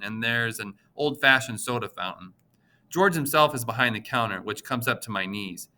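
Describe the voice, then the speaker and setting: Guy reading an audiobook, lowish voice but really bright and punchy. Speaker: audiobook narrator. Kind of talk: scripted audiobook narration.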